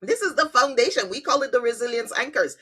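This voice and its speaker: Woman hosting a podcast, kinda high voice, upbeat, explains stuff eagerly. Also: animated, fast talker, fairly bright tone, breathy edge. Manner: enthusiastic, affirming, explanatory. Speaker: podcast host and conflict analyst. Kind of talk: interview conversation.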